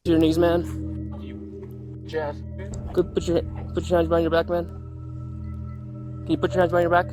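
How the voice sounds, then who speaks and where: A man, a police officer on bodycam footage, calm and reassuring while giving quick commands. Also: fairly high pitch, music in the background.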